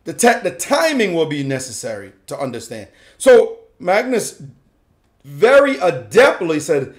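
Man, chess commentator, high voice, playful slang, frequent laughter. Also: very animated, a little slow. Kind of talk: animated game analysis.

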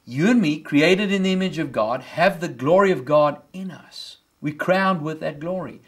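Impassioned South African preacher man. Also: normal speed. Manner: impassioned preaching, rising high on key words. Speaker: pastor. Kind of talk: sermon.

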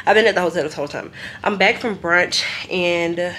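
A woman's voice: on the low side, normal speed, a bit bright, slight background noise. A young woman, talking to camera in a hotel room, chatty and emotional. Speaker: vlogger. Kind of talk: casual vlog talk to camera.

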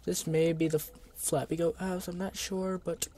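A man doing let's play commentary, excitable and often yelling at the game. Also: fairly high pitch, moderate pace. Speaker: gaming video creator.

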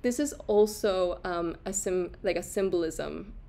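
In a lowish, mellow voice and at a slightly slow pace, this host chats her way through an informal art lecture on a livestream. She laughs frequently, leans on fillers, restarts often, and reacts to viewer comments as they come in.

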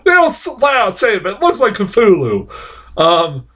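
Excitable young man ranting about films. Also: high voice, moderate pace. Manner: rambling, swears often, gets worked up and excited. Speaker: film reviewer. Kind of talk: casual unscripted film review.

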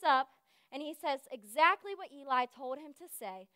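A woman giving a sermon, telling a lively personal story and acting out the voices of the people in it. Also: sits high, moderate pace, dry recording, clean studio sound. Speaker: speaker at a church service.

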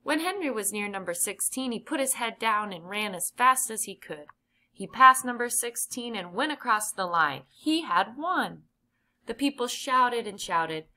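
Bright-voiced woman reading a storybook. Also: fairly high pitch, measured pace. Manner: clear, even reading pace with gentle emphasis. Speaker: audiobook reader. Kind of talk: children's storybook narration.

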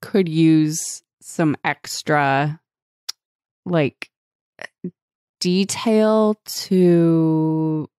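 A woman's voice: deep voice, steady tone, drawn-out words, pauses often, a little mellow, clean tone, no room sound, studio quality. A woman co-hosting a podcast in casual chat, reading book passages aloud and swearing casually. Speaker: podcast co-host.

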